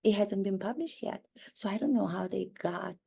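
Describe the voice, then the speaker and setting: A woman's voice: medium pitch, moderate pace, vocal fry, mellow, breathy edge. A woman playing a haughty, self-absorbed duchess in a rambling parody monologue. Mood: chatty.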